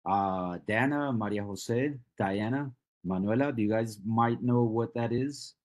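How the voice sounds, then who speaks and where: A man's voice: fairly low pitch, a little slow, darkish tone. A man teaching an English speaking class. He explains patiently and keeps asking the students questions to check they follow. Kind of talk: live online class lecture.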